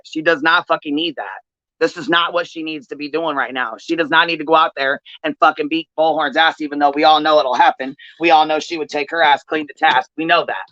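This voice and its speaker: A woman's voice: sits low, a bit bright, no room sound. A woman hosting a livestream commentary, ranting in a heated, profane way. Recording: dull, dry lo-fi stream audio.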